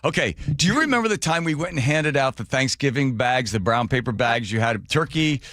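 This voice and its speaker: An older man, a radio host, telling a story with loud exclamations and acted-out quotes. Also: medium pitch, fairly quick, no echo, studio quality. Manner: excitable, exclaims loudly, acts out quotes. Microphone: studio microphone.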